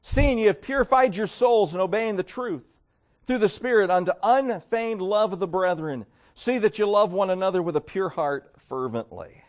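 A man's voice: high voice, expressive, normal speed. A male pastor preaching a sermon, acting out mocking voices of churchgoers as he goes.

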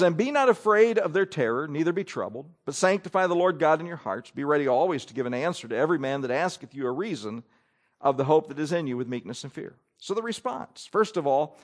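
Animated male preacher with lively pitch. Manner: animated preaching with rising and falling emphasis. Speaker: pastor. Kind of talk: sermon.

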